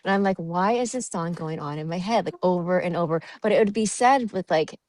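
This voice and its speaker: A woman's voice: on the low side, a little fast, a little mellow, dry recording. A woman guest chatting on a podcast, giggly and dreamy, with many fillers. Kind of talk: casual podcast chat.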